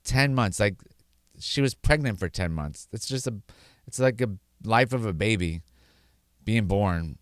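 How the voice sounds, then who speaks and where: A man tells his personal testimony in a low, smooth voice. He is earnest and repeats key words for emphasis. The recording is dry, with no room sound. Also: animated, unhurried, pauses often, no echo. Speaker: speaker sharing his sobriety story.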